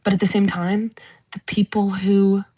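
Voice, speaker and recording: A woman's voice: medium pitch, level tone, a little slow, warm tone. Rambling young woman streamer. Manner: rambling, self-interrupting, searching for words. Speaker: livestream host. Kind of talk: casual livestream chat.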